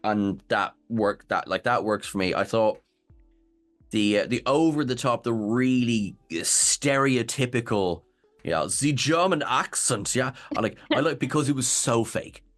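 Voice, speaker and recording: A man with an Irish accent co-hosting a casual TV discussion, animated and given to halting restarts. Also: medium pitch, faint music behind. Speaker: co-host.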